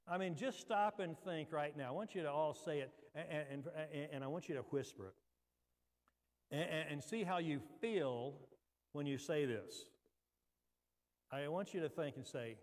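A male pastor delivering a sermon, moving between loud emphatic preaching and hushed, quiet talk. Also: on the high side, normal speed, big-room sound. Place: church sanctuary.

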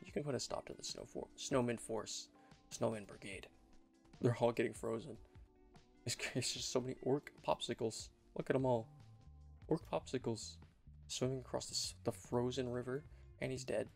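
Young male gameplay commentator: very gravelly, fry-heavy voice, chatty and rambling, with soft music underneath. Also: medium pitch, fairly even intonation, moderate pace. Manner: rambling and chatty, repeats and restarts phrases. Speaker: game commentator. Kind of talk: casual let's-play commentary.

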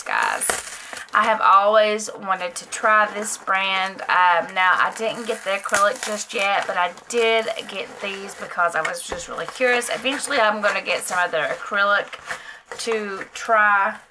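A woman's voice: mid-range voice, expressive, measured pace, background noise. A woman vlogger chatting casually as she unboxes nail supplies, gushing and rambling with lots of fillers. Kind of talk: casual product unboxing chat.

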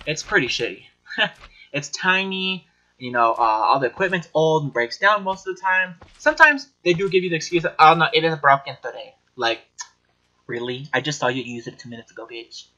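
A man thinks out loud while building in a game, bursting into excited, giggly, profane chatter. His voice sits a touch high and sounds bright and edgy. The audio is dull and lo-fi. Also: a little fast. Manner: excitable, giggly and foul-mouthed. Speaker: gaming channel host. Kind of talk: casual gameplay commentary.

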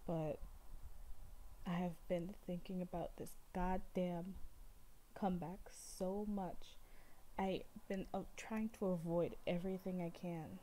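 A young woman doing a casual reaction video, an emotional fan who shrieks and swears when excited, on a built-in computer mic without her usual microphone. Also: fairly low pitch, slow pace, a little hiss or hum. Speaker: vlogger reacting to a music video. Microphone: built-in computer mic, no external microphone.

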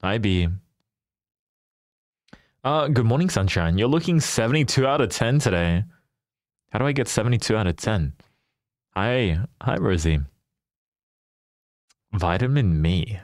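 A man chats with his live audience in a relaxed, teasing way, laughing easily. His delivery is unhurried, with lively ups and downs in pitch. The sound is dry, with no room echo. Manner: playful, teasing, laughs often. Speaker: livestreamer. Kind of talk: casual chat with viewers.

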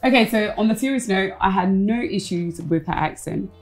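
A woman's voice: medium pitch, normal speed, soft background music, low-quality recording. A woman, a former reality show contestant, talking frankly in a casual interview and slipping Igbo phrases into her English.

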